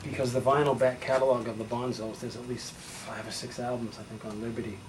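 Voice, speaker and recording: A man's voice: mid-range voice, little pitch movement, a little fast, noisy background. A man hosting a casual interview, dropping in short remarks and questions. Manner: brief interjections and prompting questions. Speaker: radio show host. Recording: distant mic with faint ambience.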